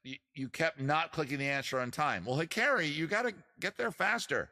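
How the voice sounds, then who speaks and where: A man's voice: fairly high pitch, expressive, fairly quick, sharp tone. A man hosting a casual live-stream trivia quiz, joking around and teasing the players. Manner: joking, teasing, crude asides. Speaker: host running a trivia quiz.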